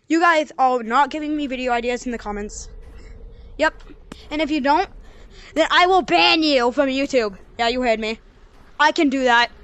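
A young female gamer giving rambling, excitable commentary over her gameplay and yelling when she fails. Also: high voice. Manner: excitable, yells at failures, rambling. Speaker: gaming channel creator.

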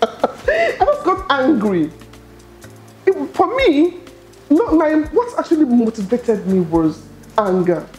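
Animated Nigerian woman with a warm voice. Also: sits high, takes it slowly, faint music behind. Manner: expressive, laughs often, acts out quoted dialogue. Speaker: interview guest, entrepreneur. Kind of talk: animated personal storytelling.

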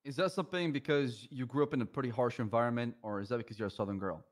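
A man playing a police officer who interviews a cadet applicant with measured, probing questions, in an improvised role-play. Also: mid-range voice, close to an everyday voice. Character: deliberate male police officer running a job interview.

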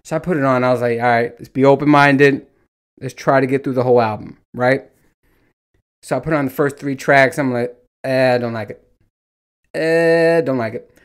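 A man's voice: mid-range voice, moderate pace, pauses often, clear, resonant tone. A man in his thirties ranting casually as a solo podcast host, telling stories with lots of swearing and acting out what people said. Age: 30s. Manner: animated, profane storytelling with mimicked dialogue.

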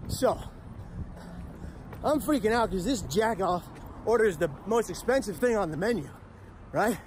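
A man speaker telling a comedic personal story in a punchy, animated way with profane asides. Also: high-pitched, a little slow, a little hiss or hum. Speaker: motivational speaker.

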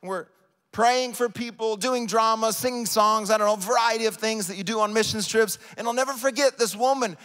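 A man preaching a sermon live in a church, rising to shouts and falling to soft, quiet stretches. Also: high-pitched, a little fast, faint music behind. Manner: impassioned preaching, builds to shouts then drops soft. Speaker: pastor. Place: large church sanctuary. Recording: live church hall reverb.

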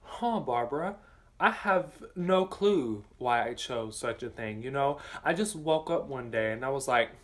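A man's voice: animated, unhurried. Sassy young Southern man chatting. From southern United States. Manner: sassy, blunt and campy, with bursts of high exclamations; talks with his mouth full. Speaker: vlogger. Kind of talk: casual chat while eating.

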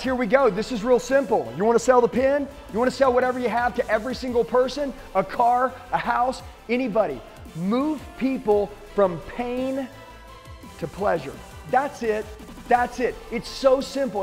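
A man's voice: very high-pitched, big-room sound. A middle-aged man, a sales trainer, giving an intense, emphatic motivational talk to the camera.

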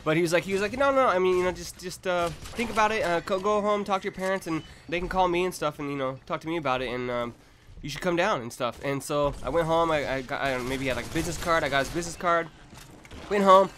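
A man's voice: a little high, fast talker, fairly bright tone, a little hiss or hum. A young man in his twenties telling a rambling, profane story for his vlog, full of restarts and laughs. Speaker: vlogger.

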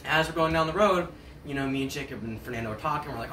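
A teenage boy telling a comic story on a school stage, animated and laughing as he goes. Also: fairly high pitch, racing, background noise. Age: teens. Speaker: talent show performer. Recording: roomy hall, mic at a distance.

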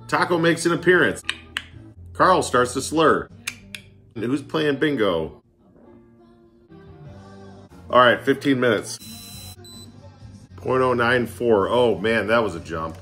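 Chatty buzzed guy doing a beer tasting vlog at home, bouncy pitch, some soft music in back. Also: expressive, takes it slowly, pauses often. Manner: chatty, joking, getting tipsy and slurring. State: tipsy. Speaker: beer vlogger. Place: home living room.

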